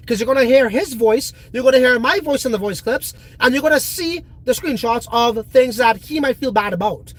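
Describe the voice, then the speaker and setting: A man's voice: very high-pitched, breathy edge, low-quality recording. A man hosting a livestream and chatting casually with his viewers. He talks bluntly and swears freely. He often slips into fired-up rants. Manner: blunt, profane, fired-up ranting. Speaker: livestream host.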